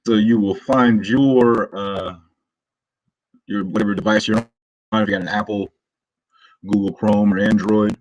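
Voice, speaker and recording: A man hosting a casual livestream, greeting his chat with hype and friendly shout-outs before talking loosely through a walkthrough in his morning voice. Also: fairly low pitch, steady tone, a little slow, long pauses, no echo, highs cut off. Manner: laid-back, loose and rambling. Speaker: crypto livestream host.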